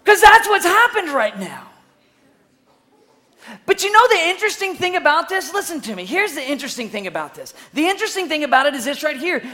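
A preacher telling a story in an energetic sermon, swinging between loud bursts and hushed asides and asking the listeners questions. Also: sits high.

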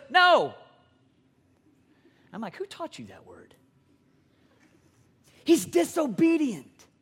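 A man, preaching a sermon with emphatic, animated delivery and acted-out quotes. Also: extremely high pitch. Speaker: pastor.

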